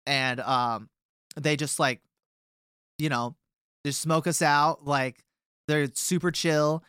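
A man's voice: a little high, fairly even intonation, slow, sharp tone, smooth, no echo, studio quality. A young man in a band chatting casually as a guest, rambling through a story with lots of filler words. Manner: rambling, many fillers and restarts. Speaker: touring band member, guest.

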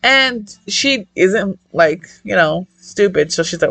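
A young woman reviewing a manga in casual chat, excitable, swearing a lot and rambling off-topic. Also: medium pitch, slow, creaky, few pauses, dry recording.

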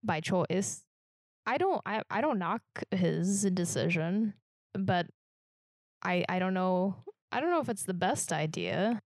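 A woman co-hosting a podcast, thinking aloud and asking questions. Her voice is a bit low and her pace unhurried. The recording is dry and close. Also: expressive, no echo. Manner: slow, thoughtful, questioning, with frequent "like". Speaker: podcast co-host. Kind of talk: casual chat.

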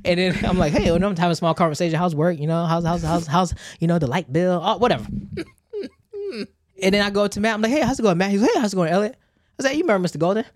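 A man's voice: high-pitched, racing, dry recording. A man co-hosting a casual chat, telling a story animatedly and acting out both sides of the conversations. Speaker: podcast co-host.

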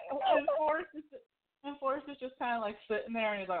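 A woman in casual film chat, excitable, explaining background facts with frequent fillers. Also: sits high, fast. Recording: tinny phone-like sound.

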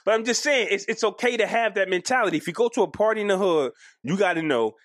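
A man co-hosting a casual podcast, animated and argumentative, often jumping up in pitch for emphasis. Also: fast talker, dry recording, clean studio sound. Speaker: podcast co-host.

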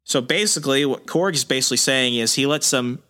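A man's voice: medium pitch, fairly quick. A man hosting a podcast, casually retelling a comic story and acting out the characters' lines. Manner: animated storyteller who acts out quotes. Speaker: podcast host.

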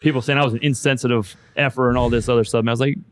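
A man's voice: medium pitch, steady tone, rapid-fire, no room sound. A man hosting a podcast in casual chat, loose and profane, saying "man" all the time. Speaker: podcast host.

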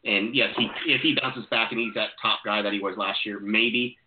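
A man hosting a call-in show, talking quickly and excitably with stumbling restarts, over tinny phone-like audio. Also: lowish voice, slight background noise. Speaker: show host taking calls. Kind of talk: casual call-in chat.

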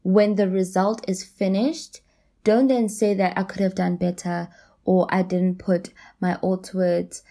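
A woman's voice: medium pitch, little pitch movement, unhurried, mellow. A woman hosting a solo self-help podcast, talking casually and encouragingly, repeating phrases for emphasis and laughing often. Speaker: podcast host.

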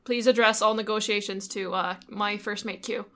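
A woman's voice: medium pitch, steady tone, normal speed, fairly bright tone. A woman playing a tabletop game, curt and commanding.

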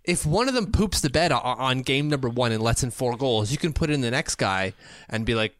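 A man talking hockey in a loose, joking way, often starting a word twice before he gets it out. His voice sits at an ordinary middle pitch. The sound is dry and close, with no room around it. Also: lively intonation, a little fast, fairly bright tone, dry recording. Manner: rambling, joking, restarts words. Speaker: hockey podcast co-host. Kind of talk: casual sports chat.

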